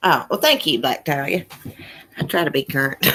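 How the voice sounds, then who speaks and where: Low-voiced country woman from Virginia. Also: sing-song, moderate pace, a bit bright. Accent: Southern Appalachian country. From Southwest Virginia. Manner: chatty and folksy, laughs often. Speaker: YouTube livestream host. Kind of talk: casual livestream chat reading comments. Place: home in a small mountain town.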